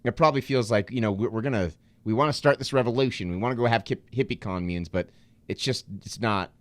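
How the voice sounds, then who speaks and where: A podcast co-host talks fast in a mid-range voice during a casual film discussion, with no room sound. He's reflective and hesitant, repeating words while he thinks.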